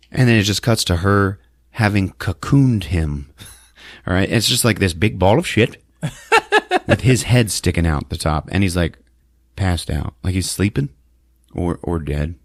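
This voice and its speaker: A man hosting a podcast, recapping a film in a jokey, animated storytelling manner. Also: deep voice, unhurried, dry recording, clean studio sound. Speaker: podcast host. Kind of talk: casual movie recap.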